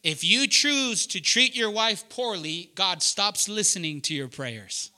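A man preaching loudly and emphatically to young adults, often asking the room to fill in words. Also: high voice, expressive, a little slow. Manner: loud, emphatic, asks the room questions. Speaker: pastor teaching young adults. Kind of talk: sermon.

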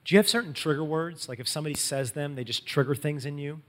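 A man preaching a sermon, telling the story in a lively, casual way and acting out quotes in everyday slang. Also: fairly high pitch, quick pace, long reverb tail. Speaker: pastor.

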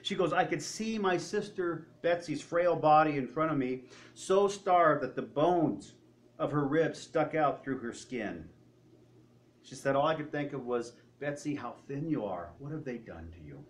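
A man telling a story in a sermon, retelling someone's words and often dropping his voice low. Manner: retelling a story with quoted speech, often trailing off quietly. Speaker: preacher.

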